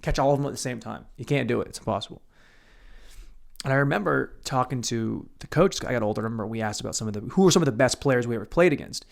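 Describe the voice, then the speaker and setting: A young man hosting a solo podcast, telling rambling, profane stories and breaking into sudden loud outbursts. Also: medium pitch, lively intonation, quick pace, creaky. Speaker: podcast host.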